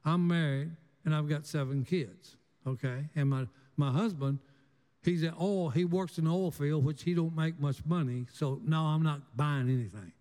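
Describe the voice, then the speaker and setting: A man's voice: fairly high pitch, normal speed, warm tone, big-room sound, close to an everyday voice. A man voicing a stubborn mother of seven who firmly turns a salesman away.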